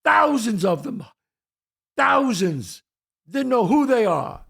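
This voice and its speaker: An older American man rants on his own show in a high, gravelly voice that swings widely up and down. He is emphatic and profane, hammering his points with rhetorical questions. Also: sing-song, slow, fairly bright tone. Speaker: podcast host. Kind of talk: heated solo monologue.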